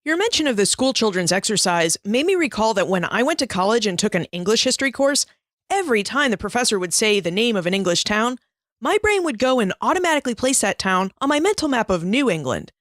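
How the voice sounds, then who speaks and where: A woman's voice: fairly high pitch, sing-song, fast, no echo, studio quality. A woman hosting a history podcast, asking curious, conversational questions. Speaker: podcast host. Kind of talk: interview questions.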